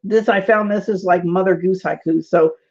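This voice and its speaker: Teaching a casual online tarot class, a woman rambles chattily, laughing often and saying "like" a lot. Her fairly low, darkish voice has fairly even intonation and a moderate pace, heard through dull lo-fi webinar audio.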